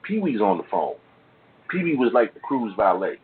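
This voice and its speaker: A middle-aged man speaks as an interview guest, his voice sitting a little low. He tells his stories in loose street slang, often tagging his sentences with "man" and "you know what I'm saying". The sound is thin and phone-like, with a faint hiss underneath. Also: sing-song, moderate pace. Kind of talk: casual storytelling in an interview.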